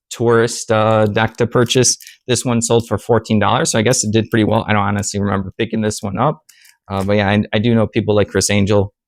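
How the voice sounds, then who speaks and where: Easygoing young man chatting, lowish voice. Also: no echo. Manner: rambling and easygoing, with many fillers and restarts. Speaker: online reseller and channel host. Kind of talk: casual chat reviewing sales.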